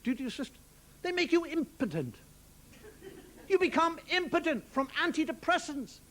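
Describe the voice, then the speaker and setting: A man's voice: very high-pitched, sing-song, normal speed, fairly bright tone. An Irish man doing a stand-up routine on television, musing wryly and swearing casually as he talks. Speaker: stand-up comedian. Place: television studio with live audience. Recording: broadcast audio with audience laughter and noise. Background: audience laughter.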